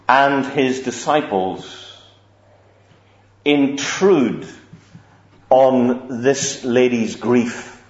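A man from preaching a sermon, measured and deliberate, often repeating words as he goes. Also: medium pitch. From Northern Ireland. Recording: echoey room, slightly dull sound.

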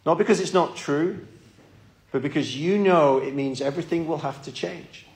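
Man, preacher, sermon, earnest, pleading, repeats words, slightly high voice. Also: moderate pace. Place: church.

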